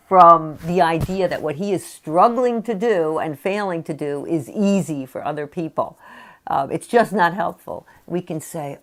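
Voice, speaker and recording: A woman with a low-pitched voice talks through parenting advice in an easy, conversational way. She leans on "you know" often and slips into quick acted-out snippets of what parents say to their children. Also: a bit bright. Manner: conversational, many "you know" fillers, acts out parent quotes. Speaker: parenting author. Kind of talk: explanatory talk to camera.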